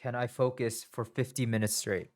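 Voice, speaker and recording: A young man streams live in a loose, casual way, rambling and nervously poking fun at himself. His voice sits at an ordinary middle pitch. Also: little pitch movement, moderate pace. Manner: nervous, rambling, self-mocking.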